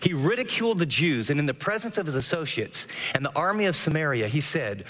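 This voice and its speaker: A middle-aged male pastor preaching with lively rises and falls, his fairly high voice carrying a long reverb. He sounds animated and direct. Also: fairly quick, hardly any pauses. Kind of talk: radio sermon.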